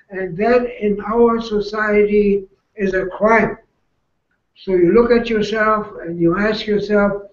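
Older German-accented man, high voice. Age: 80s. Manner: direct, earnest, addresses listeners as a class. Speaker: Holocaust survivor speaker. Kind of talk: testimony to school classes. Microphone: video call. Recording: echoey, dull video-call audio.

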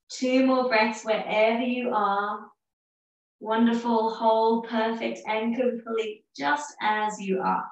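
Calm woman guiding yoga in echoey room. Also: a little high, distant mic, muffled recording. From Australia. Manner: calm, encouraging, cueing breaths. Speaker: yoga teacher. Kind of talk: guided yoga class instruction.

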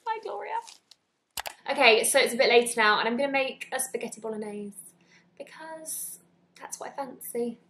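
A woman from the north of England, gushing and gasping through an excited unboxing in a home vlog. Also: on the high side, fairly quick, a little hiss or hum. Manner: gushing, gasping, breathy asides. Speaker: vlogger. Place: home room, indoors.

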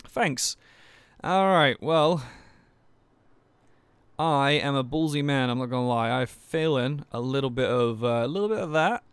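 A man's voice: medium pitch, animated, measured pace, pauses often, smooth, dry recording. A young man casually narrating a video game, joking and swearing, stumbling over restarts, his voice a bit dry. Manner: profane, joking, stammering restarts. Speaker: let's play gamer. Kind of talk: casual gameplay commentary.

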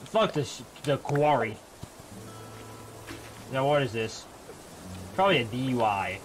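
A young male streamer reacts to his game in loose, casual commentary, swearing often and snapping into frustrated outbursts. His voice sits at an ordinary middle pitch for a man, and clear music plays behind him. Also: big pitch swings, takes it slowly.

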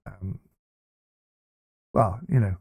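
A man's voice: on the low side, extremely slow, gravelly, a little mellow, slightly rough, dry recording. A man hosting a reaction commentary, talking bluntly and casually with many fillers and restarts. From United Kingdom. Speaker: commentary host.

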